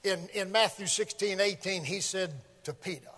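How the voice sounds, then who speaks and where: Male preacher, high tenor, dramatic swells and shouted emphasis, long church-hall reverb. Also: normal speed. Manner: dramatic rising and falling emphasis, shouting key phrases. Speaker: visiting preacher. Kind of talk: sermon. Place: church sanctuary.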